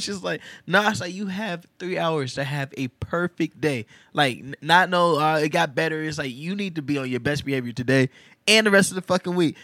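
A young man co-hosting a podcast, telling a story in casual chat and acting out the quotes loudly. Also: fairly high pitch, expressive, a little fast, no echo, studio quality. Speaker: podcast co-host.

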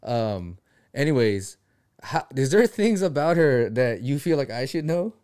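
A man's voice: medium pitch, very animated, a little slow, a little mellow, smooth. A Filipino American man hosting a casual chat, teasing and swearing as he jokes. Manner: joking, profane, teasing.

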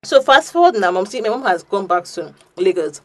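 A young woman, co-hosting a podcast and telling a story in casual chat, animated, swearing and restarting her sentences often. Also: mid-range voice, fairly quick. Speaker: podcast co-host.

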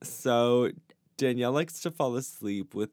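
A man's voice: medium pitch, a little slow, darkish tone, no echo, clean studio sound. A man co-hosting a casual podcast, telling a funny story with playful exaggeration and frequent laughter. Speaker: podcast co-host. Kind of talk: casual chat.

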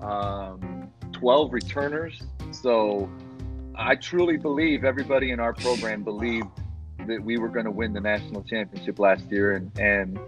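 A man, a guest basketball coach, talking in a halting way with many restarts. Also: lowish voice, highs cut off, over music. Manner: halting, frequent restarts and fillers. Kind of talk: casual interview.

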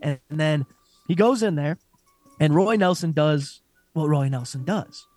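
Animated, profane man, a bit high. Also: measured pace, no echo, soft background music. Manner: profane, animated, laughs often. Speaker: podcast co-host. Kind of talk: casual chat.

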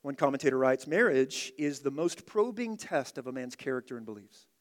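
A man preaching an expository sermon, emphatic, repeating key phrases and swinging from loud to hushed. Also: medium pitch, expressive, a little fast, long reverb tail. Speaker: pastor.

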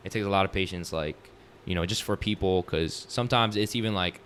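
A man's voice: sits low, fairly quick, a bit bright, a little hiss or hum. A man in casual chat who talks in a laid-back, reflective way and keeps adding fillers like "you know what I'm saying".

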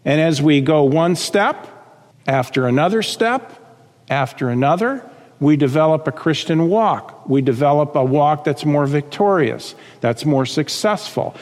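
A male pastor preaching a sermon, reading scripture and acting out quotes with lively emphasis. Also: on the high side, unhurried, long reverb tail.

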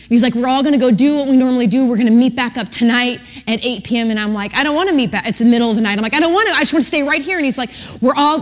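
A woman in her thirties telling a personal story to a church audience, animated, acting out the people she quotes. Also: a little high. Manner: animated, acts out quotes with voices. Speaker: speaker giving a testimony. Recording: long reverb in a large hall.

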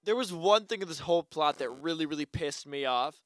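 A man's voice: a little high, lively intonation, brisk, no echo. A man chatting casually about a movie, blunt and swearing when something annoys him. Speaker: movie reviewer. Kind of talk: casual chat.

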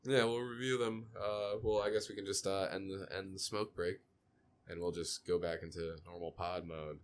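A young man co-hosts a podcast in casual chat. His voice is very deep. He rambles and restarts his sentences as he works through an idea. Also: level tone, a little hiss or hum. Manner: rambling, halting phrasing. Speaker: podcast co-host.

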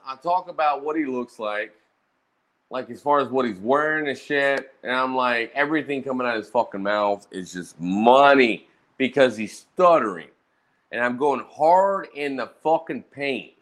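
Brash man, crude streamer storyteller, pitch swinging high and low. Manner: profane, animated, brash roasting talk. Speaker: streamer recounting roast battles. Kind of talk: casual storytelling monologue.

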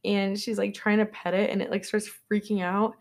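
A woman's voice: mid-range voice, flat delivery, normal speed, darkish tone. A young woman co-hosting a podcast, recapping a movie in casual chat, rambling along with lots of filler words. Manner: rambling, filler-heavy storytelling, many "like"s. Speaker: podcast co-host.

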